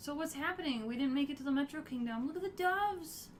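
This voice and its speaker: A woman giving excitable live commentary as she streams a video game, gasping and yelping at what happens on screen. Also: high voice, fast, a little hiss or hum.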